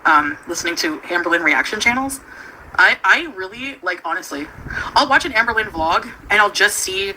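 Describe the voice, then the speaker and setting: A woman's voice: medium pitch, animated, normal speed, bright, forceful tone. Rambling giggly woman on a noisy stream. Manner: chatty, giggly, trails off mid-sentence. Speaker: livestream host. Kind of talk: casual rambling chat.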